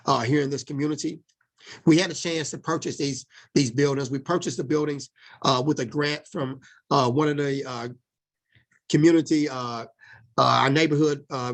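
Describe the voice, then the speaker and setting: A man of middle pitch, talking from an office as a community development leader. His delivery is earnest but halting, with frequent pauses and restarts. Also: fairly bright tone. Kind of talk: informal recorded talk.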